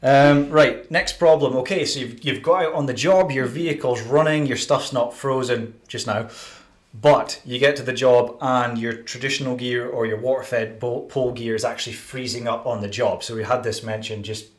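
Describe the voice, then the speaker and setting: A man's voice: mid-range voice, steady tone, normal speed. Chatty man hosting a live stream. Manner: chatty, practical, running through notes. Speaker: window cleaning channel host. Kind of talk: casual live-stream tips chat.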